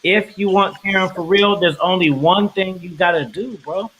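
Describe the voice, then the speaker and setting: A man with a notably high voice hosts a podcast in a casual, teasing way. He jokes with his guests while reading questions out. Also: normal speed, fairly bright tone, husky, rough recording. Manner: playful, teasing. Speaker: podcast host.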